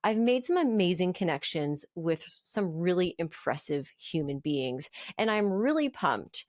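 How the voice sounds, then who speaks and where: A woman in her thirties hosts a podcast with a friendly, chatty manner and a self-deprecating streak. Her voice sits somewhat low. The recording is close and dry, with no room sound. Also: sing-song, unhurried, a little mellow, no echo. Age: 30s. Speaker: podcast host. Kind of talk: podcast hosting.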